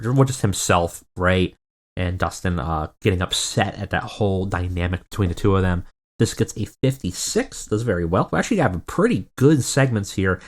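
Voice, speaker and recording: A man giving casual, rambling commentary on a wrestling management game, often correcting himself. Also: sits low. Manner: rambling, self-correcting, chuckling. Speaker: video game let's player.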